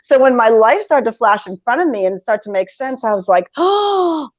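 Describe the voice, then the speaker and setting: A woman in her forties, a podcast guest telling a personal story in conversation, animated and quick to laugh as she acts out her past reactions. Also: a little high, dry recording. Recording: dull lo-fi sound, dry.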